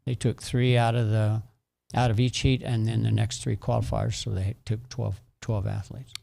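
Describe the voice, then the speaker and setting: A middle-aged man with a deeply gravelly, creaky voice speaks as a track coach on a radio show. He talks in a halting way, stopping to repeat words as he explains. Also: little pitch movement, dark tone. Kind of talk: radio interview. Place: radio studio.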